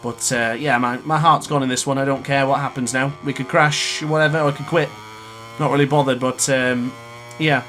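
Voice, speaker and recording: A man's voice: mid-range voice, fairly even intonation, normal speed, fairly bright tone, soft background music. A man in his late twenties commentating his own racing game live, ranting in frustration between exasperated laughs. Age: 20s. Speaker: gaming YouTuber.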